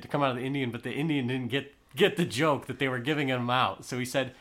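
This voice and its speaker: A man's voice: medium pitch, fairly quick, fairly bright tone. A man hosting a history podcast, casually retelling events and acting out the quotes of the people involved. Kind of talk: casual storytelling chat.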